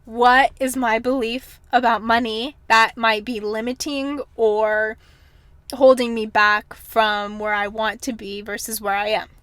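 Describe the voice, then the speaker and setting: Young woman, podcast host, higher voice, slightly hoarse, candid chatty tone, dry close sound. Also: little pitch movement, a little slow, a bit bright, no echo. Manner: chatty, candid, frequent ums and kinda. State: slightly losing her voice. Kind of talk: casual solo podcast reflection.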